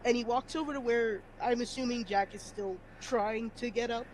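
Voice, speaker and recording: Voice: mid-range voice, steady tone, normal speed, a little hiss or hum, poor audio. A player at a tabletop game, tearful and rambling, with many fillers.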